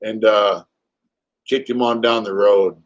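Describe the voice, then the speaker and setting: A man's voice: fairly low pitch, fairly even intonation, takes it slowly. A man in his fifties hosting a casual live stream, telling stories bluntly with plenty of swearing. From California. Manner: profane, blunt storytelling; acts out quotes in raised voices. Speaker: channel host.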